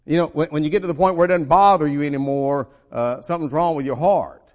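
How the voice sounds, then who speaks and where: A man's voice: a little high, fast. A man from the United States preaching a sermon, emphatic, with many repeated starts and dramatic swings in delivery.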